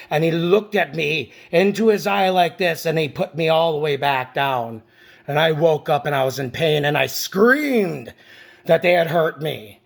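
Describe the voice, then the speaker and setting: Gravelly man telling a rambling story. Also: fairly high pitch. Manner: rambling, intense storytelling with sudden loud outbursts. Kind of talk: emotional personal story told to camera.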